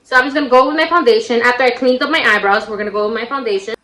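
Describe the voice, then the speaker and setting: A woman's voice: fairly high pitch, rapid-fire, bright, forceful tone. A young woman telling a childhood story in a casual, slangy way while doing a makeup tutorial, shrieking when she quotes her friends. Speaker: makeup vlogger. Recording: roomy echo.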